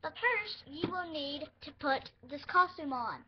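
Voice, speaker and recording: A loud, goofy duck doctor, played by a woman talks slowly and grandly, pitched high with a lively swing. The toy role-play sounds dull and lo-fi with a faint hiss. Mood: showy. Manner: loud, slow, showy bedside talk. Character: goofy male duck doctor with a giant hammer.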